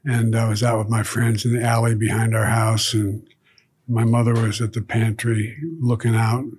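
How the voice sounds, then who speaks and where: An older man, a guest, recalling childhood stories in a relaxed conversation, often dropping to a low murmur. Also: normal speed, a little hiss or hum. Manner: reflective anecdotes, trailing to a low murmur. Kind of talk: storytelling in conversation.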